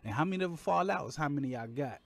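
A man's voice: on the high side, expressive, racing, creaky, dry recording. A man casually telling a story while he smokes, loose and profane, drawing his words out. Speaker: streamer in a played clip.

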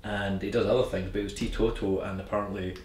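A man's voice: fairly low pitch, fairly even intonation, fast talker, a little mellow. A man chatting while tasting whisky, describing smells and telling stories, laughing easily. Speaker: tasting guest. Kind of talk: casual tasting chat. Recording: roomy, distant mic, faint noise.

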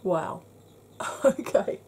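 A woman's voice: drawn-out words, a little mellow. A middle-aged woman chatting frankly to camera in a makeup review, slipping into a half-whisper while she blends and cracking dry jokes. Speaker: beauty vlogger.

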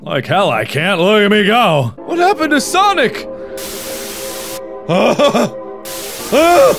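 A man giving jokey, excitable commentary while playing a horror game, often yelping. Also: high voice, slow pace. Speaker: gaming commentator. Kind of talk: let's play commentary. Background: game music.

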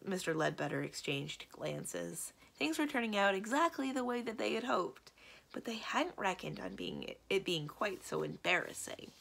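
A woman librarian reading a children's book aloud in an expressive storytelling voice. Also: medium pitch, moderate pace, vocal fry. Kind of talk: children's read-aloud narration.

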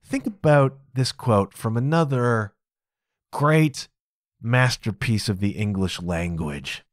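A man's voice: mid-range voice, expressive, slow pace, dry recording, clean studio sound. A man hosting a podcast, musing aloud in a casual, conversational monologue and laughing often. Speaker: podcast host.

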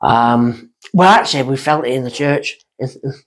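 A middle-aged woman, a guest medium telling stories in casual chat, animated and acting out voices as she goes. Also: extremely low pitch, moderate pace.

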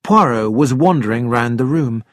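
A man giving steady, plain scripted narration for an audiobook. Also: mid-range voice, normal speed, dry recording, clean studio sound.

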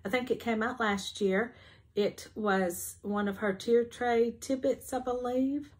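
A woman's voice: fairly high pitch, fairly even intonation, measured pace. A woman chatting casually at home about her finished cross-stitch pieces, rambling with many ums. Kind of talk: casual show-and-tell chat.

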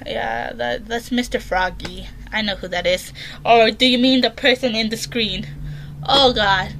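A woman talks through a horror game from her bedroom, reading each question out loud and answering in a chatty, jumpy way. Her voice sits a little high and sounds bright and forceful. She speaks slowly, with faint noise from the house behind her. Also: gravelly. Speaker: gaming channel host. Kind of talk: casual horror game commentary.

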